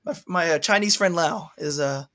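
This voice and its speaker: A man's voice: on the high side, normal speed, fairly bright tone. A man from Texas hosting a podcast in casual chat, rambling and playful, often trailing off into filler words. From Texas, United States. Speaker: podcast host.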